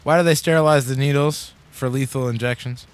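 A man hosting an uncensored radio show, joking and asking silly questions in a deadpan, profane way. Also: medium pitch, fairly quick, clean tone, dry recording. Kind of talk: casual joking banter.

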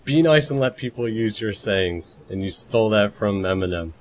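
With a fairly low, very animated voice and hardly any pauses, a video game live streamer talks at a moderate pace through his gameplay. He's at home, muttering and chatting to himself with occasional playful shrieks, a roommate asleep nearby.

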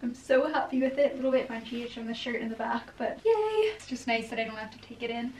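A woman's voice: a little high, level tone, fast. A young woman vlogging at home, chatting upbeat to camera as she tries on clothes. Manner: upbeat and chatty, with frequent laughs. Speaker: fashion vlogger. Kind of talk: casual chat to camera, trying on clothes. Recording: distant mic with faint background noise.

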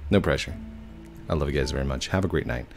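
A young man giving chatty, playful gameplay commentary as a YouTuber, laughing often. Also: fast talker. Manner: playful, chatty, laughs often, squeaky put-on voices when quoting. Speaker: gaming YouTuber. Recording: faint game music behind.

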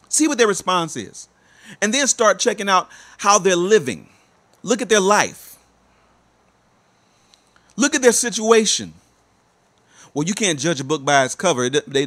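A man delivers a motivational talk in the cadence of a sermon, pressing each point again and again. His voice sits a little high and swings widely in pitch as he exhorts the listener. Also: fairly bright tone. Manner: emphatic, repetitive, exhorting. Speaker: life coach. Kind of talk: motivational preaching.

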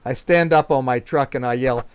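An older man swaps stories at a club meeting over a video call, rambling from one anecdote to the next with chuckles and fillers. His voice sits at a middle pitch, and the sound is dry, close, and free of any room echo. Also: moderate pace, smooth. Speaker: invited speaker. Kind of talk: casual storytelling at a club meeting.

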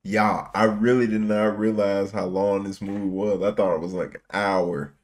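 A man hosting a movie reaction, excitable and full of slang, laughing along. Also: on the low side, moderate pace, slight background noise. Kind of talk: casual reaction commentary.

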